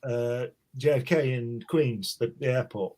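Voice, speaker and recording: A man's voice: mid-range voice, darkish tone. Rambling older Englishman telling stories. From England. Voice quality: rambling, halting, repeats words. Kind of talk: casual storytelling chat.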